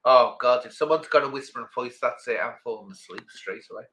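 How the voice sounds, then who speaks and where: A man's voice: medium pitch, brisk, sharp tone, a little hiss or hum, low-quality recording. A middle-aged man, chatting casually with viewers on a livestream and rambling from one thought to the next. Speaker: livestream host.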